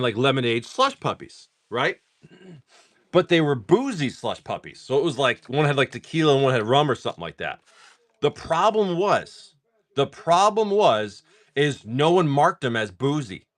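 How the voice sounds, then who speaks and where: This is a man in his forties talking off the cuff during a live card-pack opening stream. He rambles, swears freely and clears his throat often. His pitch moves a lot as he goes, rising and falling through every sentence. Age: 40s. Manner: rambling, profane storyteller; frequent throat clearing and filler words. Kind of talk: casual live-stream chat while opening card packs.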